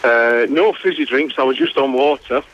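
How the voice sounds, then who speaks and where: A man's voice: mid-range voice, moderate pace, fairly bright tone. Yorkshire man calling in by phone. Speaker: caller. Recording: dull phone line with faint noise.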